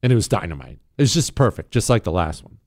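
A middle-aged man hosting a talk radio show, telling stories and riffing on the news in a sarcastic, animated way. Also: on the low side, fast talker, no room sound, studio quality.

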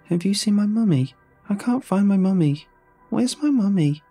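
A man's voice: sits high, lively intonation, moderate pace, warm tone, breathy edge, soft background music, pitched above the performer's own voice, full character voice. A man putting on a faint lost ghost girl. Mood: plaintive. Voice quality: small, faint, distant voice. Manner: plaintive, repeating the same words. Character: lost ghostly little girl, about eight, calling for her mother.

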